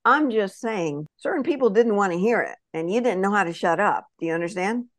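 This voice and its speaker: A woman spirit messenger telling a past-life reading as an animated story, acting out quotes and often asking if the listener follows. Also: medium pitch, a little fast, no room sound. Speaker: spirit messenger, podcast guest.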